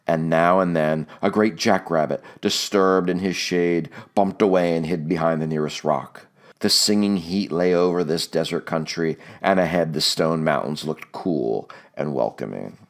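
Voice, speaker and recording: A man reading a novel aloud as an audiobook narrator, measured and steady. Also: sits low.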